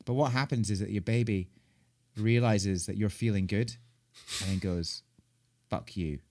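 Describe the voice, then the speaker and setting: A man in his thirties, a podcast co-host, exhausted from lack of sleep and telling stories in animated, chatty conversation. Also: lowish voice, moderate pace. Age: 30s. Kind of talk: casual chat.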